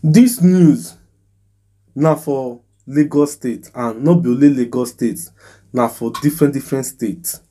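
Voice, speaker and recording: A Nigerian man hosts a casual mock news segment, ranting with exasperation and firing off rhetorical questions. His voice is husky and dark, with a mellow low tone. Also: unhurried, soft background music. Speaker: host of a mock news show. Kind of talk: casual news commentary in Pidgin.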